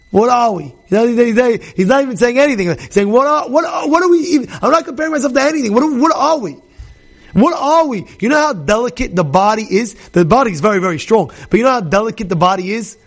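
A man teaching a Torah class, animated, acting out characters and questioning his listeners. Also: high voice. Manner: animated, acts out characters, asks the audience questions. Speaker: rabbi.

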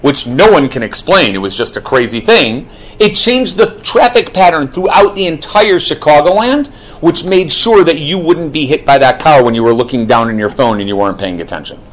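Guy doing god, low and dry, patient and a bit sarcastic, voice swinging up and down. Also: lively intonation, moderate pace, low-quality recording. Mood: patiently explaining. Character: God, a patient, wry all-powerful male voice.

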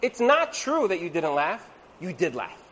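A man with a high voice teaches an evening class on Torah and marriage, keeping it chatty. He tosses in rhetorical questions and slips into the voices of the people he quotes. A faint noise runs under his voice. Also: wildly swooping pitch, moderate pace, a bit bright. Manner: conversational, asks rhetorical "right?", acts out quoted voices.

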